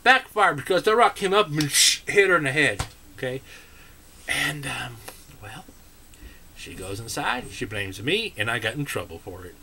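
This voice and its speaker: A man's voice: medium pitch, big pitch swings, measured pace, bright, forceful tone, a little hiss or hum. An American man telling childhood stories to camera in a casual, rambling way, full of asides and filler words. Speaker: vlogger.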